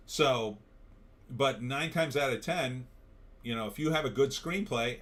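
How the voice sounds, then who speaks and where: A man's voice: mid-range voice, lively intonation, moderate pace, fairly bright tone. A tired man hosting a livestream, ranting in a casual way and reading out chat comments. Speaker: livestream show host.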